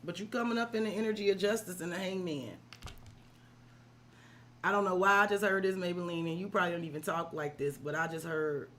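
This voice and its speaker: A woman's voice: on the low side, fairly even intonation, a little fast, pauses often, a bit bright, a little hiss or hum. A woman reading tarot on a live stream, talking to the client in casual, profane slang and checking in with them often. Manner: addresses the client directly, checking in with "right?". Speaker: tarot reader.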